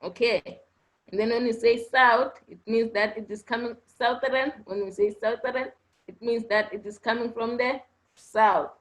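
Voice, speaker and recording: A woman's voice: fairly high pitch, fairly even intonation, a little slow, low-quality recording. A woman teaching an online class, patiently repeating points and checking understanding with frequent "okay?" prompts. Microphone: online video class audio.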